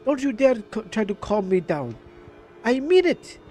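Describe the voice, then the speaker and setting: Man playing fierce young mother, game dialogue read aloud, raised pitch, shouting, defiant. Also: lively intonation, moderate pace, faint music behind. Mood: furious. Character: angry young woman, a fierce protective mother.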